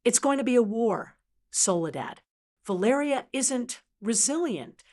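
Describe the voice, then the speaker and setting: A woman voicing a cautious middle-aged man, a banker who speaks in a measured, wary way. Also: on the high side, animated, a little mellow.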